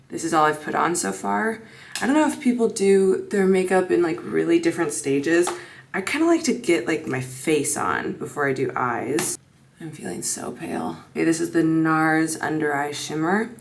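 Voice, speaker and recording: A woman in her thirties chatting casually to a handheld camera at home, upbeat and at times hushed. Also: on the low side. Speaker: vlogger and sports broadcaster. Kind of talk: casual vlog chat to camera. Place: home, getting ready in the morning.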